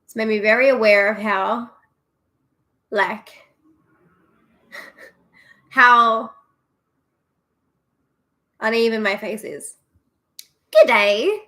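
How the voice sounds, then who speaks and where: A woman's voice: a little high, steady tone, extremely slow, long pauses, bright, forceful tone. A young Australian woman chatting casually with viewers on a livestream, giggly and self-deprecating. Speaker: streamer.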